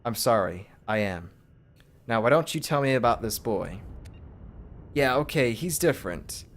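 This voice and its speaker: A man's voice: mid-range voice, expressive, unhurried. A man streaming a game, casually reading its text aloud in his own voice with asides.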